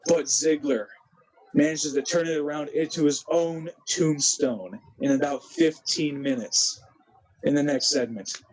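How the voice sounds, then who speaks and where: A man narrating a wrestling simulation game with an excited play-by-play recap, animated and full of restarts. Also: a little high, rough recording. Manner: animated, quick, with frequent restarts.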